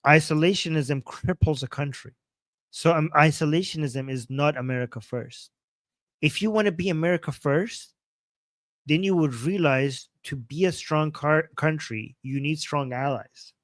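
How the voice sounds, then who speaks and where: A man's voice: on the high side, moderate pace, no echo. A man commentating on a livestream, reacting to a clip with sarcastic, exasperated rebuttals.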